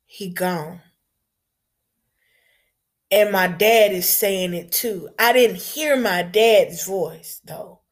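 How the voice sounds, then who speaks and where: A woman telling a personal story to an audience in a casual, blunt way, halting and repeating her words, with a touch of swearing. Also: medium pitch.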